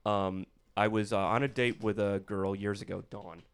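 A man's voice: on the low side, normal speed, clean tone. A man on a casual podcast, telling a long anecdote and acting out the quoted lines in changed voices. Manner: animated storyteller acting out quotes.

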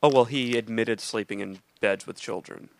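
A man's voice: on the low side, moderate pace, vocal fry. An American man co-hosting a podcast, chatting casually in a rambling, easygoing way, laughing often. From United States. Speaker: podcast co-host. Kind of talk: casual chat. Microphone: studio mic at a soundboard.

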